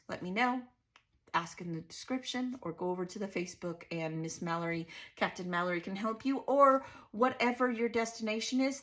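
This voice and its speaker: A woman's voice: mid-range voice, a bit bright. A middle-aged woman hosting a casual scrapbooking vlog, bubbly and laughing often as she chats and tells stories. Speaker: scrapbooking channel host.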